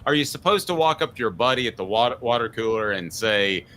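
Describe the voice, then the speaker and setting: Man, sports talk host, sarcastic, animated, bright tone. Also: fairly low pitch, a little fast, few pauses, a little hiss or hum.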